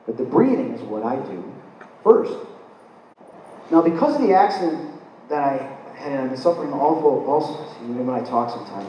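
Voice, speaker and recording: A man giving a live spiritual lecture, telling his own stories in an animated way and acting out his reactions. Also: mid-range voice. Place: lecture hall. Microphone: recorded from the audience. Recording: very echoey room, voice from far off, faint room noise.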